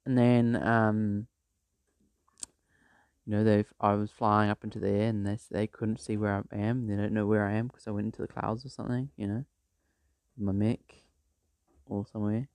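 A man's voice: on the low side, level tone, normal speed, pauses often, a little mellow, clear, resonant tone, no echo. A man telling a made-up story in a rambling, casual way, full of fillers and restarts. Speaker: vlogger.

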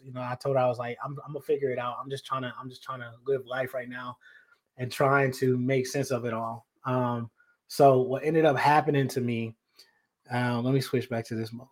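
Guy just telling a story, middle pitch, slangy and loose, keeps talking to the listeners. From North Carolina. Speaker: podcast host and life coach. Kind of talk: casual storytelling. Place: out on location in his childhood neighborhood.

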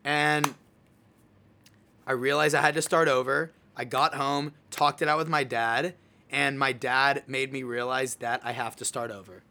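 A bright-voiced young man hosts a relaxed chat. He tells his story with animated energy and acts out his own lines as he goes. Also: mid-range voice, unhurried, a little hiss or hum. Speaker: podcast host. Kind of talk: casual chat.

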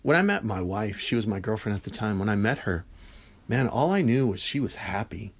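A man in his fifties hosting a Christian devotional podcast, talking conversationally and acting out bits of dialogue with lively swings in voice. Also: lowish voice, fairly quick, husky. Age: 50s. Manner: animated, conversational, acts out dialogue in quotes. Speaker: podcast host.

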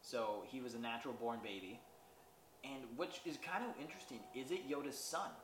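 A man's voice: mid-range voice, a little fast. A man hosting a podcast, recapping an episode in loose casual talk full of fillers. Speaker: podcast host. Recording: echoey room with faint noise.

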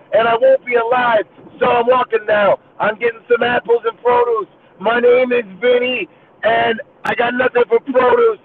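A man's voice: very high voice, far from the mic, voice pushed up. A man voicing Vinny, a tough street-talking mobster, rapping in a rhythmic freestyle over a phone line. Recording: tinny phone line with faint hiss.

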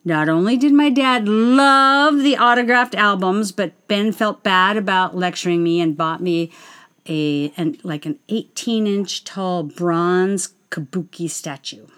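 A woman's voice: mid-range voice, unhurried, a bit bright, clean tone. A woman, a stage performer, casually telling a personal story in a chatty way, interrupting herself and acting out the people she quotes.

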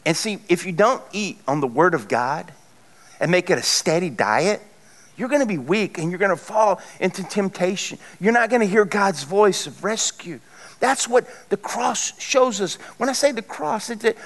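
High-voiced preacher man in a reverberant hall. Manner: conversational storytelling preacher, animated. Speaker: pastor. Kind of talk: sermon.

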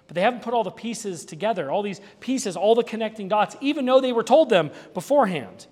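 A male pastor giving an Easter sermon in a conversational, animated way, with asides and small jokes. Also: high voice, fairly quick, in a large hall.

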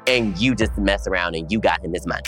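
A young man co-hosting a podcast, telling a personal story in casual chat, animated and dramatic, jumping from low murmurs up to high squeals. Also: quick pace, soft background music. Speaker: podcast co-host.

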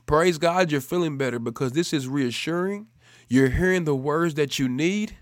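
A man's voice: on the high side, moderate pace, no echo, clean studio sound. A man in his thirties preaching a sermon, earnest, repeating phrases and building to fervent exhortation.

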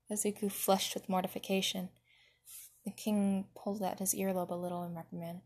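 A woman reading fan fiction aloud with expressive narration. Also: medium pitch, a little fast. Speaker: reader.

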